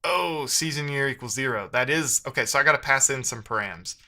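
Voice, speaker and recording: Bright-voiced man coding out loud. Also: medium pitch, a little fast. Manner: muttering self-talk with playful asides. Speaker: live-streaming programmer. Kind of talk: thinking aloud while coding, chatting with viewers.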